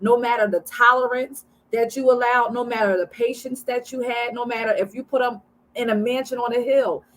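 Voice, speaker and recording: A woman's voice: a little high, steady tone, a little fast, low-quality recording. A woman hosting an interview, talking in an emphatic, reassuring way and repeating phrases for stress. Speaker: host.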